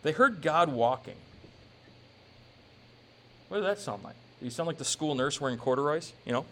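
Male pastor, casual joking sermon delivery, high animated voice. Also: normal speed. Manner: conversational, joking preaching with quoted asides.

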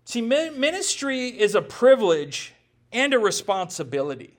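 A man with a notably high voice preaching a sermon. He talks to his congregation conversationally, throwing in jokes and asking them rhetorical questions. He comes from the United States. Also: sing-song, normal speed. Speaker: pastor.

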